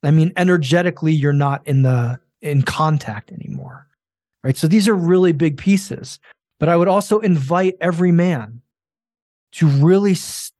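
A man's voice: a little high, a little mellow, dry recording. Earnest, emphatic man in his forties. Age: 40s. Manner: earnest, emphatic, coaching tone addressed to men. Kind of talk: casual conversation.

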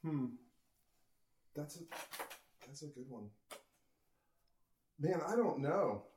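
Easygoing podcast guest with an animated voice. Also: male voice, fairly high pitch, slow. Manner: easygoing, musing, joking. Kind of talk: casual comedic podcast banter. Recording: echoey room with loud noise.

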